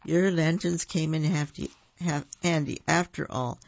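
A man reading a picture book aloud, voicing a grateful mother deer in a slightly raised, husky voice. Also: a little high, fairly even intonation, unhurried, dry recording, muffled recording.

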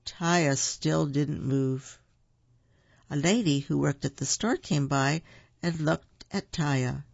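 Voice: mid-range voice, gravelly, dry recording. A storyteller reading a children's picture book aloud, with playful asides, in a dull lo-fi recording.

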